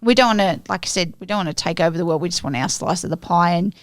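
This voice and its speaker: A woman's voice: lowish voice, fast, dry recording, studio quality. An Australian woman chatting casually as a guest on a podcast. She laughs often and repeats words as she gets going. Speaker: guest, small business owner.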